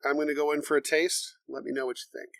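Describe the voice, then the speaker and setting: A man co-hosting a casual bourbon tasting podcast, explaining bottles and reading tasting notes in a measured way. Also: fairly high pitch, little pitch movement, vocal fry, a bit bright, no echo. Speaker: podcast co-host.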